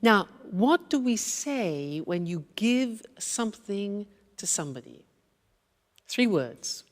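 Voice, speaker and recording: A woman's voice: medium pitch, very animated, takes it slowly, big-room sound. A woman teaching English phrases, repeating each one patiently for learners. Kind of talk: slow explanatory lesson.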